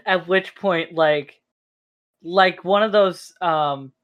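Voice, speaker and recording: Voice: medium pitch, slow pace, dull audio. A game master narrating a tabletop game in a rambling way, full of fillers.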